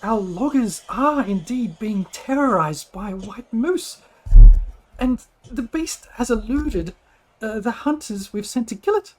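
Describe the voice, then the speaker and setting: A bubbly little halfling woman who leads her village, fussing over guests in a high, sing-song voice, as a man puts her on. She sounds cheerful and eager to please, in an online tabletop game. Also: animated, a little slow, slight background noise. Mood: earnest.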